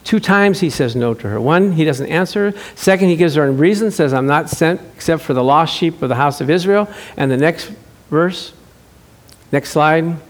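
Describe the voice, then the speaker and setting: A male pastor with a voice on the high side preaches a sermon in a church at a moderate pace. He tells animated stories, acts out quotes, and laughs often.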